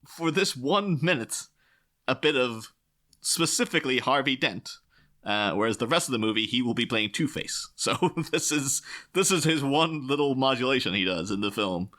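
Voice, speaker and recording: A man co-hosting a podcast, talking through a film in a loose, rambling way, full of fillers and quick laughs. His voice is bright and forceful, at an ordinary middle pitch. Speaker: podcast co-host. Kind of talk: casual film commentary chat.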